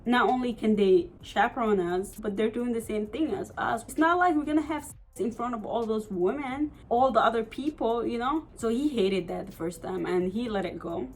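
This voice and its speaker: A young woman from the United States telling a personal story in a casual vlog, animated and profane, full of "like" and "you know". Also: fairly high pitch, normal speed, hardly any pauses, a little hiss or hum, low-quality recording. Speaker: vlogger.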